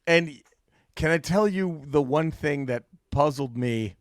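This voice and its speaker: A man co-hosting a comedy podcast, chatting casually and profanely, animated and quick to laugh. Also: a little high, dry recording, studio quality. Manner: animated, profane, laughs a lot, does mock impressions. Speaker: podcast co-host.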